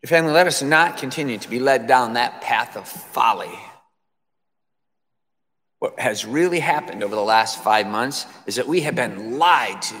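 A man's voice: medium pitch, a bit bright, big-room sound. A man preaching an emphatic sermon to his congregation, repeating phrases for effect.

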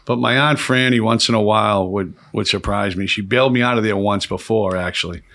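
A man, hosting a podcast and telling profane, animated stories with laughs. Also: lowish voice, brisk. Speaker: podcast host. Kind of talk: casual storytelling chat.

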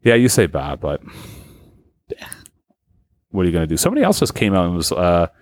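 A man's voice: low-pitched, huge pitch swings, a little fast, no room sound. A man co-hosting a casual podcast chat, rambling and swearing as he tells a story with many restarts. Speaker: podcast co-host.

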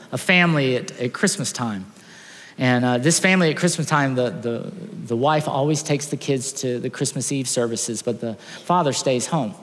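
A pastor preaching a sermon, telling a story with animated outbursts and dropping to a hush before closing in prayer. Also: male voice, mid-range voice, in a large hall. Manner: animated storytelling, swings from loud acted outbursts to hushed.

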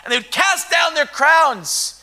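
A male preacher with a very high, bright voice, delivering an impassioned sermon. He swings between hushed, intimate lines and loud shouting. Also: lively intonation, a little slow.

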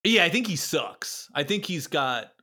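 Casting: man, 30s, bright voice, self-deprecating rambler in relaxed podcast chat. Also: a little high, measured pace. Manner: rambling, self-deprecating storyteller with frequent laughs. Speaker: podcast guest.

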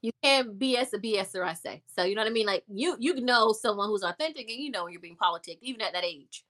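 A woman telling a story in a casual interview, animated and acting out the voices of people she quotes. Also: medium pitch, fast. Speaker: interview guest.

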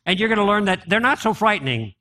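A man's voice: sits high, very animated, fast, bright, forceful tone. A man giving a conversational apologetics talk to a live audience, often asking them questions. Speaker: apologetics speaker.

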